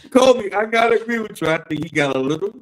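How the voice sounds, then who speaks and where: A man's voice: sits high, poor audio. A man in a casual podcast chat, animatedly telling an indignant story about a friend who betrayed him.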